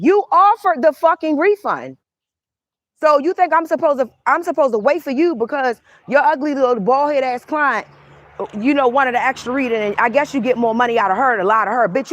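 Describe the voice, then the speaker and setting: With a fairly high voice and no echo in the recording, a young adult tarot reader launches into a casual storytime rant. She gets heated and swears, acting out each side of an argument.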